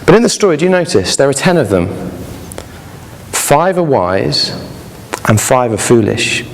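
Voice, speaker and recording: A man's voice: medium pitch, moderate pace, vocal fry, slight background noise. Storytelling young male preacher in a hall. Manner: lively storytelling, asks the audience questions. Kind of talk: sermon. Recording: echoey hall.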